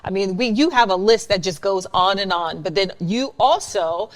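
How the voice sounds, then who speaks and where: A woman's voice: mid-range voice, moderate pace. Woman interviewer, encouraging and chatty. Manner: encouraging, with frequent short agreements. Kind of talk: casual conversational interview.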